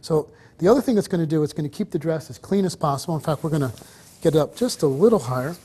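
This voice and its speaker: A man's voice: a little high, expressive, fast talker, dark tone, slightly rough. A man teaching wedding photography on location, directing his subject and explaining to viewers as he moves around a hotel. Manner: coaching, encouraging, talks to camera and subject by turns. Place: hotel interior, on the move.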